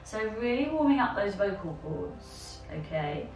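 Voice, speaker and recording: A woman's voice: mid-range voice, big pitch swings, unhurried, a little mellow, reverberant, far from the mic, soft background music. A woman teaching an online yoga lesson for children, encouraging them step by step.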